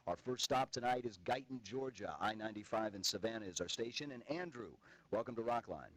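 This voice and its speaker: Male radio host, lowish voice, smooth announcer read for live call-ins. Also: a little fast, low-quality recording.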